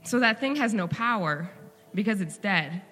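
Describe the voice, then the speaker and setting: A woman's voice: medium pitch, animated, moderate pace, fairly bright tone, in a large hall, soft background music. A woman speaking earnestly and encouragingly at a church service. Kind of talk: devotional exhortation.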